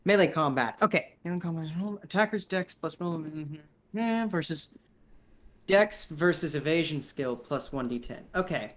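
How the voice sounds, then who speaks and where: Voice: medium pitch, animated, normal speed, fairly bright tone. Casual game master running a fight. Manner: casual, rambling, reads rules aloud. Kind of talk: running a tabletop game over voice chat.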